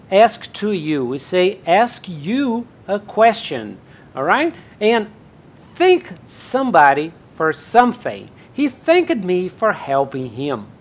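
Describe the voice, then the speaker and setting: A woman whose first language is Portuguese teaches English in a live online class. She speaks slowly, her pitch rising and falling a lot as she repeats sentences and acts them out. The stream audio is dull and lo-fi.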